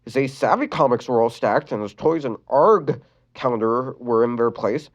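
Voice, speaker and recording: A fan-written sad story is read aloud at a moderate pace, the audio sounding dull. The narrator is expressive, pitch swooping lively, with the odd stumble and repeated start of a word.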